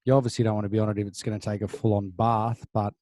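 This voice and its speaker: Low, mellow-voiced Australian man. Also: level tone, racing, no echo. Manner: laid-back, matter-of-fact form analysis with casual fillers. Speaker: podcast co-host. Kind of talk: casual horse racing tips chat.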